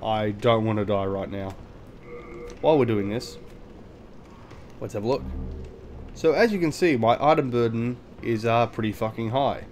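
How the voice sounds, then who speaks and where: A man's voice: fairly low pitch, moderate pace, long pauses, a little mellow, slight background noise. A man giving casual gameplay commentary, thinking aloud, explaining game mechanics and swearing freely. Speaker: gaming video host.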